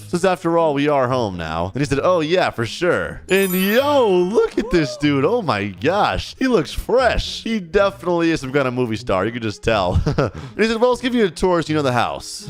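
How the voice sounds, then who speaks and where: A young man giving casual commentary over a game, excited and animated, reading out what other players say. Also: on the high side. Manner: animated, hyped, reads out other players' chat. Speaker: gaming video host. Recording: light background music.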